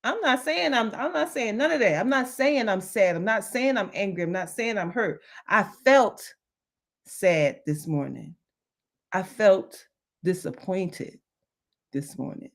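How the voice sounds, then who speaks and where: A woman's voice: mid-range voice, expressive, a little slow. A middle-aged woman hosting a motivational livestream, emphatic and repeating her phrases for effect. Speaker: livestream host.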